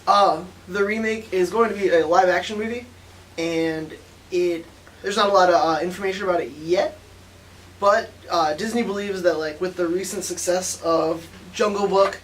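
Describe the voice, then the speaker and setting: Man, high voice, hesitant intro, faint background hum. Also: steady tone, normal speed, fairly bright tone, rough recording. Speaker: student. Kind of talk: casual commentary.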